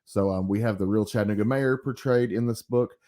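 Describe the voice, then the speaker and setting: A man giving casual commentary on an old comic book, rambling with frequent pauses and asides. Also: on the low side, dark tone.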